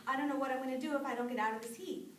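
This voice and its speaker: Lady doing a tiny squeaky squirrel, all gushy and excited, roomy sound. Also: very fast, recorded from a distance, a little hiss or hum, natural voice. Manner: breathless, gushing. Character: small excitable young male squirrel.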